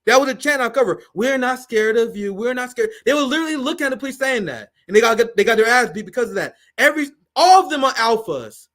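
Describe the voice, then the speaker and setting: A man hosts a political commentary livestream and rants fiercely, swearing often for emphasis. His voice sits fairly high for a man. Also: sing-song, fast, hardly any pauses, sharp tone. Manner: fiery, profane, emphatic ranting. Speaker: host.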